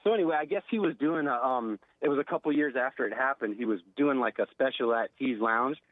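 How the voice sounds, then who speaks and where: A man's voice: mid-range voice, fast, no room sound. A man in his forties calling in to a radio show, telling a rambling story full of fillers. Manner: rambling with many fillers and laughs. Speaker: caller. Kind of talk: casual phone-in storytelling. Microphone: phone. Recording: tinny phone line.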